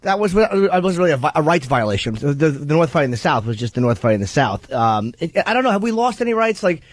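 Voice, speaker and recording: A man hosting a talk radio show, arguing the other side in halting, restarting phrases. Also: on the high side, very animated. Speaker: radio host. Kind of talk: casual talk-radio conversation.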